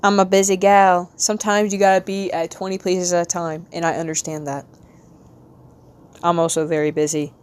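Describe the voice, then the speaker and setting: An American woman with a light Southern accent, rambling casually to her stream while she draws, talking to herself with quick bursts of excitement. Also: fairly low pitch, smooth. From United States. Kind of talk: casual live-stream chat while drawing.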